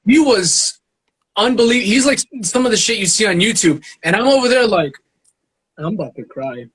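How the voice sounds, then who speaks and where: Husky, animated Southern man telling a story. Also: normal speed, poor audio. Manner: profane, laughing, quotes others in high voices. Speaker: guest artist.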